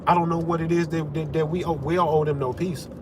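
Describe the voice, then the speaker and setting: A man's voice: a little high, steady tone, fast talker, background noise. A man delivering a heated, confrontational political rant to camera, swearing heavily as the host of his own channel. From United States.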